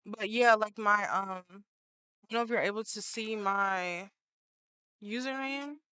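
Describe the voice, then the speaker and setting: Bright, crisp-voiced woman chatting casually. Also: mid-range voice, a little slow. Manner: chatty and playful, many filler words. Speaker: artist streaming while drawing. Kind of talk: casual livestream chat with viewers.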